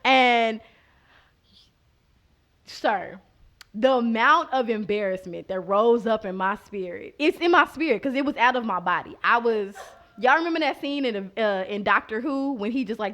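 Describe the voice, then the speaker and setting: A woman from Oklahoma who is a guest on the show, reading a poem and telling comic stories in a loud, animated way. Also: a little high. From Boley, Oklahoma.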